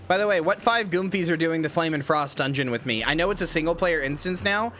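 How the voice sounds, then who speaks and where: A man's voice: on the high side, a little fast, hardly any pauses, bright, forceful tone, faint music behind. A man chatting casually to his live-stream viewers while he plays a game, rambling, swearing freely and laughing at himself.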